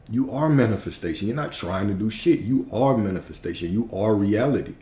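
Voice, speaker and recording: Preacherly man with a dark, low voice. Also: lively intonation, a little fast, few pauses, reverberant. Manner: emphatic, preacherly, repeats phrases, casual swearing. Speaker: spiritual teacher. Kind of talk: livestream teaching.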